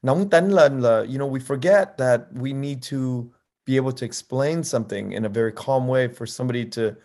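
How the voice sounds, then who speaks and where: A man hosting a casual podcast conversation, reflective and searching for his words with pauses and fillers. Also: medium pitch, a little mellow. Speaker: podcast host.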